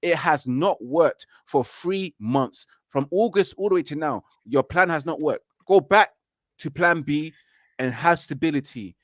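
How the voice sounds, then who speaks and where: A man in his 30s co-hosts a football fan show, debating the game in a casual video-call chat. His voice is on the high side, a bit bright and a little slow, with clean studio quality and no echo. He's emphatic and repetitive, repeating "you know" and "man."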